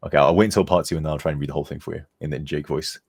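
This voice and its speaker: Tired, rambling deep-voiced man streaming. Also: fairly even intonation, very fast, gravelly, slightly rough. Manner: rambling, chuckling, reads chat aloud. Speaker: game modder streaming. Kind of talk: casual live-stream chat. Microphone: desk mic, sometimes turned away.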